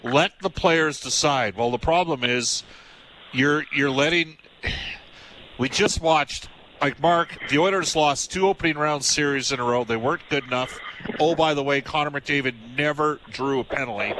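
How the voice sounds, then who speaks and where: A man co-hosting sports radio, rambling in an animated way about hockey and slipping into mock voices. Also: fairly high pitch, moderate pace, poor audio. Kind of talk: heated hockey talk.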